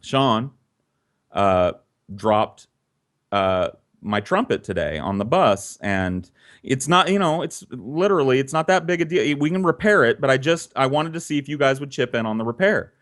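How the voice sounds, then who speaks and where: A man voicing a calm middle-aged father who speaks hesitantly and earnestly. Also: mid-range voice, moderate pace, lightly acted.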